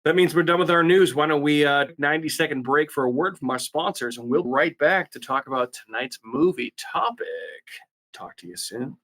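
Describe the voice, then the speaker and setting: A man's voice: on the high side, a little fast, a bit bright. A man hosting a casual movie podcast, rambling with many fillers. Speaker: podcast host.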